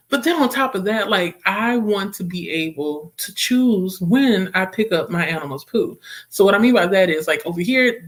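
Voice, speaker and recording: A young woman hosts a casual book livestream, talking straight to her viewers. She reads their comments aloud and reacts expressively, laughing often, in a voice of middling pitch. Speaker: booktube livestream host.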